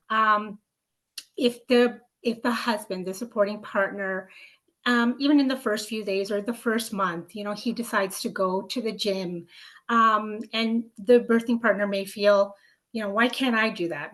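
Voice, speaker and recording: A woman's voice: mid-range voice, fairly bright tone. A woman doula giving earnest advice to expecting parents, speaking with frequent ums and restarts. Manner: earnest, filler-heavy, many ums and restarts. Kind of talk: educational talk to camera.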